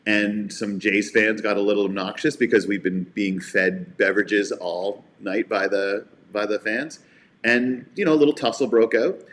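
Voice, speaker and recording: A man co-hosting a sports podcast, telling stories in a casual, heartfelt way. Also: on the low side. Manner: warm storytelling, heartfelt. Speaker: podcast co-host.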